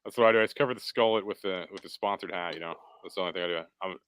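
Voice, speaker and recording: A man's voice: sits low, racing, fairly bright tone, smooth. A middle-aged man hosting a podcast in casual chat, rambling and repeating himself. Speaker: podcast host.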